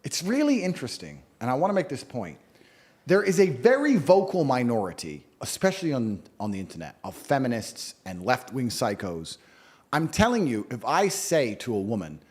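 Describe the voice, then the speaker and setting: A man's voice: medium pitch, big pitch swings, fairly quick. A man giving blunt, emphatic opinions as a guest on an interview podcast.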